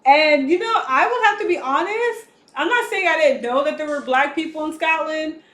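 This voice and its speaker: An American woman co-hosting a podcast, chatting casually and lively, often trailing off mid-thought. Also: high-pitched, moderate pace, roomy sound, a little hiss or hum. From United States. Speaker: podcast co-host. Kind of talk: casual chat.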